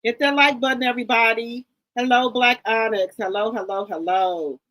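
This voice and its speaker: A woman hosting a casual live stream who greets viewers by name with repeated hellos and chats in a gossipy, excitable way. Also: on the high side, moderate pace, low-quality recording. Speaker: live-stream commentary host.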